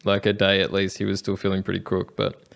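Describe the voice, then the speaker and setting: A man's voice: low voice, completely flat delivery, quick pace, vocal fry, fairly bright tone. Rambling young man, laughing storyteller. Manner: rambling, laughs often, many fillers and restarts. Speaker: travel vlogger. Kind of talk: casual travel storytelling.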